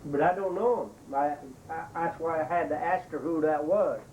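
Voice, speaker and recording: An older man recalling family memories in a halting way, often repeating words as he searches for them. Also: fairly high pitch, darkish tone, far from the mic. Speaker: family member. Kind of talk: reminiscing oral history. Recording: noisy home recording.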